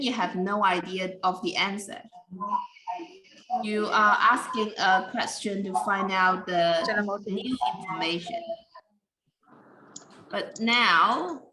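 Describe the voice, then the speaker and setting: A woman explains an English pronunciation lesson in a patient, explanatory way, with slightly non-standard grammar. Her voice is bright and forceful at a middle pitch. The room is echoey, with faint noise behind her. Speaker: English teacher.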